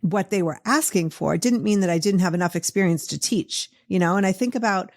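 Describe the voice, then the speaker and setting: A woman's voice: on the low side, fairly quick. A middle-aged woman with a Boston accent hosting a podcast, chatting in a casual, encouraging way with lots of fillers. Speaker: podcast host. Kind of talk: casual interview chat.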